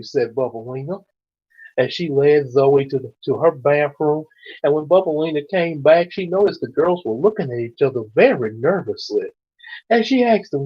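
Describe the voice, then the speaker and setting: A man reads his own story aloud at an unhurried pace, often chuckling and restarting his sentences. His pitch swings freely from line to line. The recording is dull and lo-fi. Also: lively intonation, breathy edge. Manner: chuckling, stumbles and restarts while reading. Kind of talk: casual read-aloud storytime.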